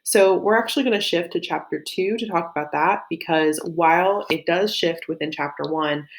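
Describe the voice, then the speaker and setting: A woman's voice: lowish voice, normal speed. A woman with a light Southern US accent, teaching a literature lesson in a chatty, think-aloud way with frequent fillers and self-corrections. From Southern United States. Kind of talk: recorded classroom lesson.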